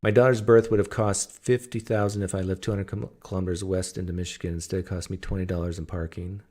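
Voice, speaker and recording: A man's voice: low-pitched, flat delivery, fast, dark tone. A man from Canada hosting a casual livestream, telling stories in a joking, teasing way. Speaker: host.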